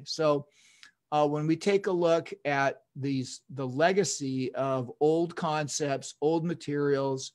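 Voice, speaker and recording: A man in his fifties, a dentist giving an online lecture, telling stories enthusiastically with chuckles and restarts. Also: fairly high pitch.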